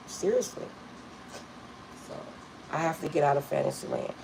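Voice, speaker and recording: A woman's voice: deep voice, fairly even intonation, moderate pace, gravelly, long pauses, darkish tone, slight background noise, rough recording. A middle-aged woman reading tarot, telling rambling stories to her viewers and laughing often. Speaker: tarot reader. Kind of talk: casual storytelling to viewers.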